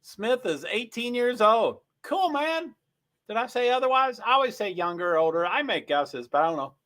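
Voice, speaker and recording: A man's voice: high voice, expressive, a little fast, a bit bright. A man hosting a casual livestream, chatting with viewers, thinking aloud and reading race stats off the screen. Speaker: livestream host.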